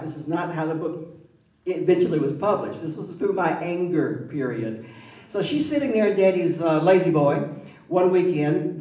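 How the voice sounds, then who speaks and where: An author at a public event in a museum space tells wry personal stories, animated and acting out the voices in them, his voice a little high. The recording sounds roomy, like a hall, with the mic at a distance.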